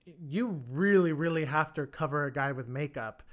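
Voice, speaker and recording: A man co-hosting a casual podcast chat, hesitant, with many fillers and quick restarts. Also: on the high side. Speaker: podcast co-host.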